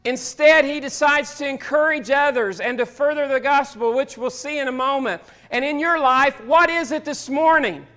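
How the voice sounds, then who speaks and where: A man's voice: very high voice, moderate pace, hardly any pauses, pushed and bright. A man preaching a sermon, telling a story in a folksy, homespun way. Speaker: pastor.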